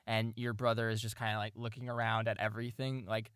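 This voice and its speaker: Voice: mid-range voice, level tone, fast talker, background noise. A game master narrating a tabletop game, rambling with lots of fillers and frequent laughs.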